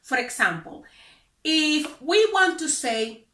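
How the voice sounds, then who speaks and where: A Spanish teacher from the Dominican Republic, speaking English with a Dominican Spanish accent, explaining things deliberately and correcting common claims. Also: female voice, high-pitched, very animated, bright, forceful tone. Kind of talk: explanatory lesson to camera. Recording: echoey room, mic at a distance.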